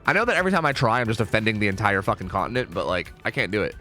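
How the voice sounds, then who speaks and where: A young American man streams a game, his pitch leaping all over as he talks to chat nonstop and swears freely. Animated and chatty, he reads chat aloud over faint music.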